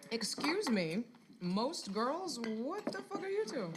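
A woman's voice: on the high side, very animated, slow pace, background noise. A woman playing an indignant young friend in film dialogue.

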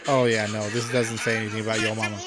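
A man's voice: lowish voice, flat delivery, fast talker. A man co-hosting a casual podcast, reading listener jokes aloud, laughing often and cursing freely. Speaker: podcast co-host. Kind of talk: casual chat.

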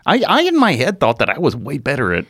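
Lively man telling a crime story. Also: mid-range voice, fast, slightly rough, dry recording, studio quality. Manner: animated, swearing, laughs at himself. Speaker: podcast co-host. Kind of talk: casual true-crime storytelling.

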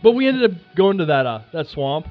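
A podcast host spinning a casual story, animated and swearing freely with lots of fillers. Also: male voice, fairly high pitch, brisk, lo-fi sound, soft background music.

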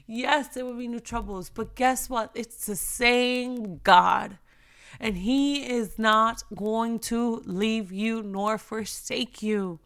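A young woman with a fairly high voice gives a heartfelt, emotional talk about faith. She speaks earnestly, moving between near-whispers and loud emphasis.

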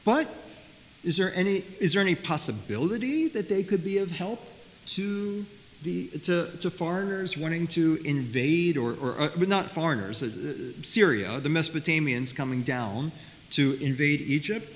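A man teaching a Bible study class, talking in a lively way, often repeating words and asking his listeners questions. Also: on the high side, moderate pace. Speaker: Torah teacher. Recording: faint hiss, long reverb.

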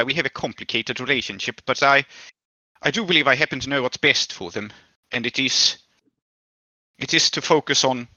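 A courteous, scheming gentleman, played by a man in a tabletop game speaks in a formal, careful way, restarting his sentences as he builds toward a grave request. His voice is very bright and sharp. The recording is dry and a little dull. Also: mid-range voice, no room sound. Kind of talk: role-playing a character in a tabletop game.

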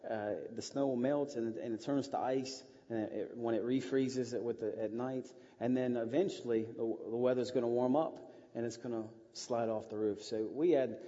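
A man's voice: mid-range voice, mellow. A middle-aged man from Ohio with a slight Russian-tinged American accent, telling stories as a guest speaker at church, folksy and rambling. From Ohio, USA. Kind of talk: church talk, storytelling. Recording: muffled hall recording.

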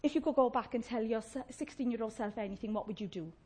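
A woman's voice: a little high, fast, darkish tone, husky. A woman preaching a chatty, humorous sermon, acting out little voices of complainers.

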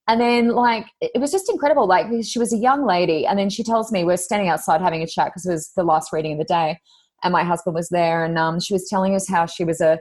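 An Australian woman, a psychic medium and podcast co-host, chatting casually and telling animated stories with high-pitched exclamations. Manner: animated storyteller, acts out quotes with high exclamations. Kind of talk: casual chat.

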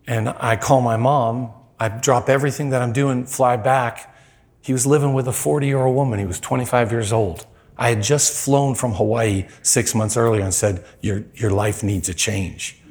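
A man's voice: medium pitch, normal speed, darkish tone. A middle-aged man preaching a storytelling sermon in a conversational way, acting out the voices in his story.

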